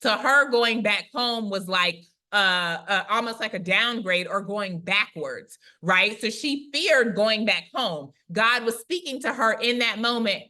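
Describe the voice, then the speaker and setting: A woman who is a Christian prophetic speaker, retelling a testimony in a chatty, animated way, often tagging lines with "right?". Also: mid-range voice, a little slow, hardly any pauses. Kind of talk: conversational storytelling testimony.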